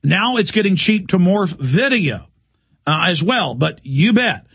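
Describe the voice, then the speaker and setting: A man's voice: high-pitched, big pitch swings, unhurried, a bit bright, breathy edge. A man hosting a talk show, delivering an urgent, impassioned monologue.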